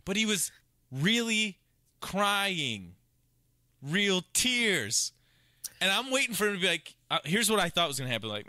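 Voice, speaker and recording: A man's voice: high-pitched, big pitch swings, unhurried, pushed and bright, no room sound, clean studio sound. A man from Illinois, a podcast co-host, casually telling rambling rideshare stories and acting out what people said. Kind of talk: casual chat, storytelling.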